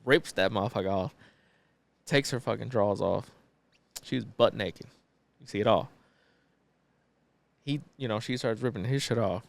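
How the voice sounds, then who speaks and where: A man's voice: lowish voice, normal speed, vocal fry, pauses often. Laid-back profane man recapping a movie. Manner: profane, laid-back storytelling with lots of fillers. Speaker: podcast co-host. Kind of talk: casual chat retelling a movie plot.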